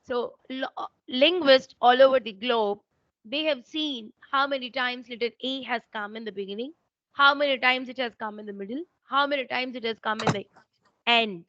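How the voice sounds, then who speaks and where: A woman's voice: a little high, moderate pace, no room sound, lo-fi sound. A woman with an Indian accent, an English teacher explaining pronunciation rules and checking that she is understood. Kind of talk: online teaching exchange.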